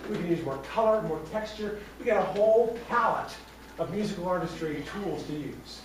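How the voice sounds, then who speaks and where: A man's voice: high-pitched, expressive, moderate pace, background noise. A man coaching a choir through a rehearsal, encouraging the singers and singing lines to show how they go. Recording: echoey room from far off, with singing.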